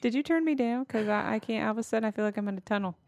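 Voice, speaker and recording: A woman's voice: on the high side, very fast, heavy background noise. A middle-aged woman co-hosting a podcast, telling stories in casual chat and acting out the voices of the people she quotes. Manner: chatty storyteller who acts out quoted voices. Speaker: podcast co-host.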